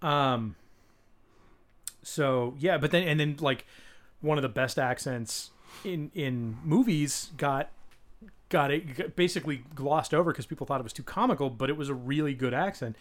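A man's voice: medium pitch, normal speed. Rambling, swearing male podcast co-host. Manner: rambling, swears casually, many fillers and restarts. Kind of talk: casual chat.

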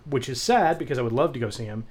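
Man, podcast co-host, chatty storyteller, casual cursing, animated delivery. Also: mid-range voice, fast talker, slightly rough. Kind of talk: casual chat.

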